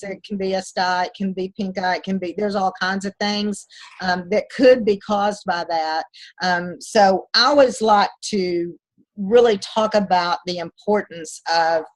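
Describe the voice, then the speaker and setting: A woman's voice: mid-range voice, low-quality recording. A woman beauty consultant teaching a group, chatty and emphatic, repeating phrases to drive them home. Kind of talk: instructional talk to a group.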